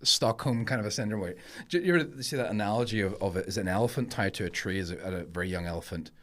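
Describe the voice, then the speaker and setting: A man with a low, deep voice is a guest on a podcast. He talks in a casual, reflective way and tells stories from his life. He grew up moving around Germany and England. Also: fast talker. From grew up moving between Germany and England. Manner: reflective, storytelling. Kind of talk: casual conversation.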